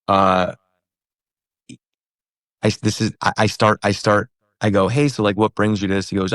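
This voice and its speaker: A comedian in his thirties telling a story in a casual interview, animated, acting out the other people in it. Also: on the low side, normal speed, long pauses, dry recording, studio quality. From New York and Pennsylvania. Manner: animated, acts out quoted voices. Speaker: comedian guest.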